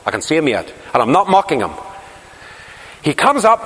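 A man's voice: a little high, wildly swooping pitch, moderate pace, fairly bright tone. A man preaching a sermon, telling stories and asking rhetorical questions with emphasis. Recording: long reverb of a large hall.

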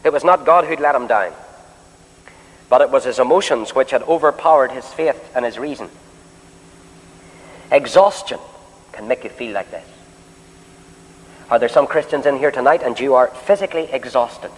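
A man preaching a sermon in a meeting hall, swinging between loud, drawn-out declarations and soft, pleading questions aimed straight at the listeners. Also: medium pitch. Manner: addresses listeners directly with questions. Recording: long hall reverb.

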